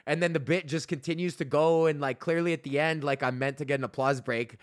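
A man hosting a podcast, telling a profane, animated story in a casual rant, often laughing. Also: fairly high pitch, quick pace, hardly any pauses, dry recording, studio quality. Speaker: podcast host. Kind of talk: casual ranting monologue.

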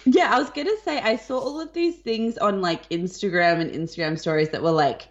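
A woman's voice: mid-range voice, fairly quick. New woman on dull lo-fi audio. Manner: animated, wry chat. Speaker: podcast co-host. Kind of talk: casual chat. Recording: dull lo-fi sound.

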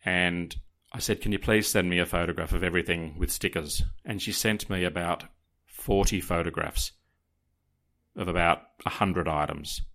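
Podcast co-host, male, lower voice, dramatic anecdote teller. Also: moderate pace. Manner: animated, dramatic, addresses listeners directly. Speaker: podcast co-host telling a story. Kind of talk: casual storytelling to listeners.

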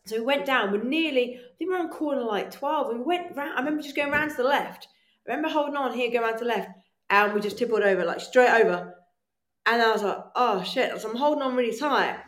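Lively woman guest, kinda high voice, swears a lot telling her story, roomy echo. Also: quick pace. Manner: animated, swears freely, acts out her own past voice. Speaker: podcast guest. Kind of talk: casual storytelling chat. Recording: echoey room.

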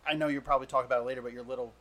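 A man's voice: medium pitch, steady tone, very fast, fairly bright tone. A man with a New Jersey accent, an easygoing guest chatting casually on a podcast. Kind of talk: casual interview chat.

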